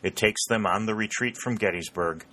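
A man reading an audiobook in a measured, even narration. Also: fairly low pitch.

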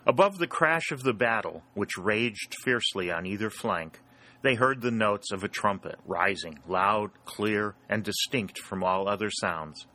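A man reading an adventure story aloud as its narrator, in a steady, dramatic storytelling manner. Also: fairly low pitch, unhurried. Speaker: audiobook narrator. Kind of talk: scripted narration.

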